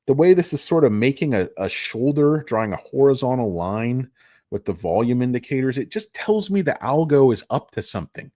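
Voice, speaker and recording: A man's voice: mid-range voice, very animated, brisk, mellow, no echo, studio quality. A man giving casual, rambling stock commentary, jokey and self-deprecating. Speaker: stock market vlogger.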